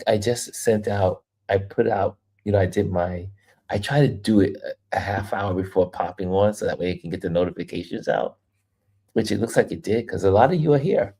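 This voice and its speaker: Gravelly, laughing livestream host. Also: male voice, on the low side. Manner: animated, laughs often, reads chat aloud. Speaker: livestream host reading viewer comments. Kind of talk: casual live chat.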